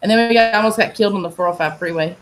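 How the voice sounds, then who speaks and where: A woman's voice: mid-range voice, racing. Profane, laughing woman. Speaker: host. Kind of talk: casual chat.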